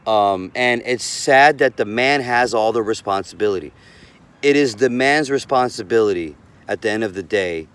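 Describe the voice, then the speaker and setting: A man's voice: lowish voice, normal speed, fairly bright tone, clean tone. A man giving casual relationship advice as a coach, rambling and repeating words as he talks.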